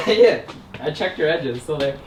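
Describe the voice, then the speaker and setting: A man's voice: on the high side, expressive, moderate pace, poor audio. A man hosting a car vlog, joking and teasing his friends while working in a home garage. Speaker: vlog host. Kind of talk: casual chat while wrenching. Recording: loud garage noise, tool clicks.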